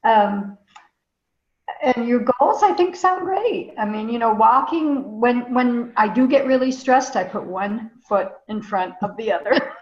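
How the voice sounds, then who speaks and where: Woman cheering a friend on, warm and a bit teary, roomy echo, muffled call. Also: a little high, animated, a little slow. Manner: warm, affirming, emotional. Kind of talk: casual group video call. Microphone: video call. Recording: echoey room, dull video call audio.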